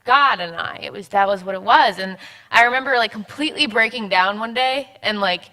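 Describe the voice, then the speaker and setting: A young woman talks in a relaxed conversation, her words coming in halting, rambling runs broken by small laughs. Her voice is bright and clear, and her pitch sits in a middle register. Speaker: church member guest. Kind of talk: casual chat.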